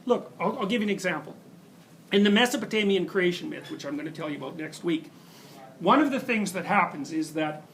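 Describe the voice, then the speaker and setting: A man lecturing at a university, telling a story in an emphatic, animated way and often restarting his sentences. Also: high-pitched.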